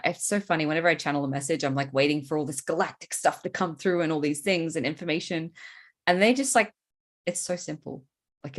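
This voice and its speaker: An Australian woman speaks as a guest in a loose, friendly interview, her voice very low for a woman. She is bubbly and unguarded, laughs easily and swears without a second thought. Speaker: guest, psychic channel. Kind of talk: casual interview chat.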